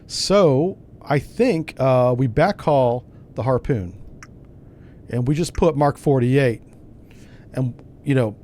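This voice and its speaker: A man's voice: medium pitch, lively intonation, measured pace, darkish tone. A man hosting a gaming channel, giving casual gameplay commentary and thinking aloud in a wry, self-mocking way.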